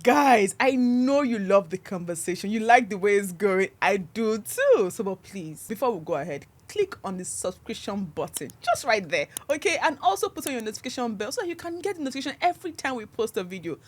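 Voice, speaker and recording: A man's voice: high-pitched, big pitch swings, brisk, hardly any pauses. A Nigerian man with a Nigerian accent, hosting a podcast and talking in a reflective, conversational way. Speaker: podcast host. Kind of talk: casual interview chat.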